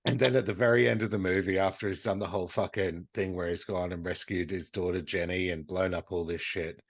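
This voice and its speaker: Deep-voiced man retelling film scenes. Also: a little fast, dry recording. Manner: animated, swearing, acts out quotes in high voices. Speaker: podcast co-host. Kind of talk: casual chat retelling movie scenes.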